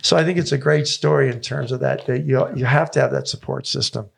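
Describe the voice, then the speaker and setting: A man's voice: mid-range voice, steady tone, brisk, gravelly, slightly rough. A man in his seventies, a tennis coach telling stories as a podcast guest, enthusiastic and repeating phrases for emphasis. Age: 70s.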